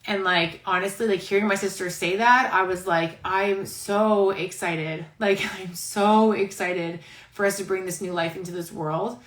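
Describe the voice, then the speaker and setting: A woman's voice: medium pitch, steady tone, moderate pace, a bit bright, roomy sound, poor audio. A pregnant woman hosting a casual live-stream chat, rambling and heartfelt, saying "like" constantly. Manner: chatty, rambling, heavy use of "like"; heartfelt, near tears. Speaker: host. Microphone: phone live stream.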